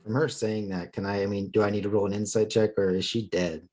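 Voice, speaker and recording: A man chats casually as a player in a tabletop game, relaxed and self-deprecating. His voice is low and husky through an online call microphone. Faint music and keyboard typing sound behind. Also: quick pace.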